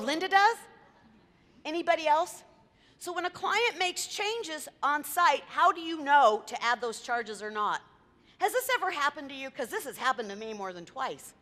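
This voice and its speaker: A bright, high-voiced woman, an event planner, gives a lively presentation to a live audience in a meeting room, recorded with a reverberant hall sound. She's chatty, quizzes the audience, and tells anecdotes.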